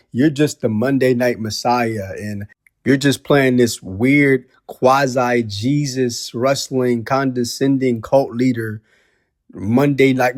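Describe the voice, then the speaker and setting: A man's voice: medium pitch, darkish tone. A man giving casual ranting commentary as a wrestling vlogger, firing off incredulous rhetorical questions in loose slang.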